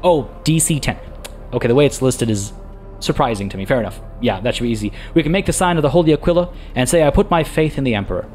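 Casual let's-play commentator, male, mid pitch, chatty and thinking aloud, faint game music under. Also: expressive, quick pace, a little mellow.

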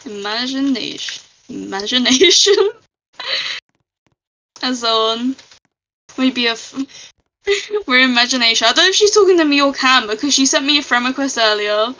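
A woman's voice: high voice, animated, brisk, bright, forceful tone, low-quality recording. A woman live-streaming a game, chatting casually and giggling as she reads out her chat.

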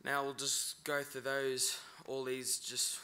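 A man's voice: mid-range voice, flat delivery, bright, forceful tone. A man teaching pronunciation at a conference, breaking each word into syllables. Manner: slow, breaks words into syllables. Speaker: language teacher.

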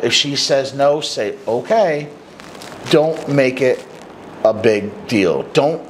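A man's voice: mid-range voice, slight background noise, rough recording. A middle-aged man, a dating coach, giving blunt, emphatic advice to men straight to the camera and acting out little bits of dialogue. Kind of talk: direct-to-camera advice talk.

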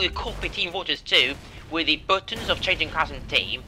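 A man's voice: fairly high pitch, animated, normal speed, sharp tone. A teenage boy commenting on his own gameplay, screaming and raging at the game. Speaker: gaming channel host. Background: faint background music.

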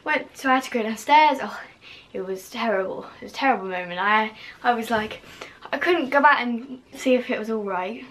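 Gushing young woman with a bright voice. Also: fairly high pitch, a little fast, few pauses. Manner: gushing, full of fillers, drops to whispers at times. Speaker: vlogger. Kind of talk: casual chat to camera.

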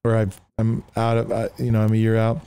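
A man's voice: on the low side, a little fast, smooth, dry recording. Pastor telling his story with animation. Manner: animated, acts out the voices of people in his story. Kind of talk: storytelling in a conversation.

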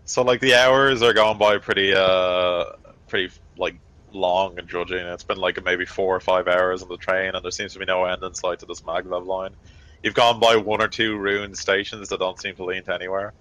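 A man's voice: sits low, level tone, moderate pace, a bit bright, low-quality recording. A man acting as game master, narrating a tabletop game in loose, rambling sentences full of fillers.

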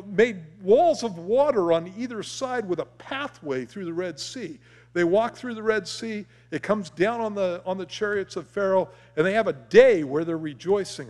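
A male pastor preaching a sermon in a church sanctuary, telling stories in a humorous, conversational way. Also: a little high. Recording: long church reverb.

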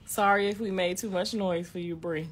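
A woman in her thirties from Ohio, telling a story in a casual, animated way, laughing often and swearing a lot. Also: lowish voice, moderate pace, a little hiss or hum. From Ohio, United States. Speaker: vlogger.

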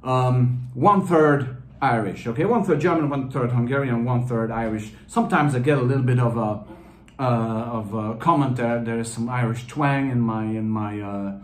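A man's voice: mid-range voice, moderate pace. A man casually reviewing a fragrance on video, rambling and chatty with lots of fillers and restarts. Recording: roomy echo.

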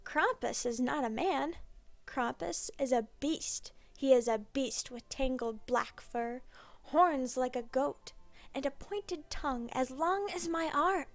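A woman voicing a smug, calculating Victorian gentleman in a storybook reading, speaking with quiet menace. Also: sits high, slow pace, dry recording, faint music behind.

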